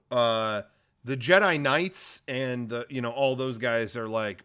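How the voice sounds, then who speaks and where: A man co-hosting a comedy podcast, retelling a movie plot in a casual, rambling, profane way, at a middle pitch. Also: expressive, measured pace, bright, forceful tone, clean tone. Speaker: podcast co-host.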